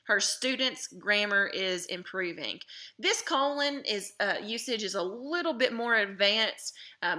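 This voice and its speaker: Woman, teacher, grammar lesson, patient explaining, clear bright tone. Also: medium pitch. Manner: explains slowly and patiently, stresses key terms.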